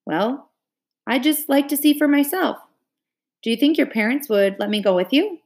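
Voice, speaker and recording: A woman reading aloud, voicing a spirited, curious young girl in a bright, teasing manner. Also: high voice, moderate pace, voice pushed up.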